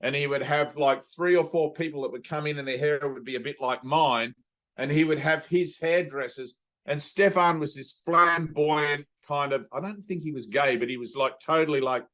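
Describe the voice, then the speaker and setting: Man giving a rambling spiritual talk. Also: fairly high pitch. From Australia. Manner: warm, rambling storytelling with playful voices. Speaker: spiritual teacher. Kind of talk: satsang talk on a video call. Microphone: video call.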